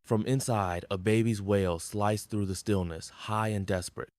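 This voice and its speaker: A man narrating a dramatic story in a grim, measured, intense manner. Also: on the low side, steady tone, a little mellow, no room sound, clean studio sound.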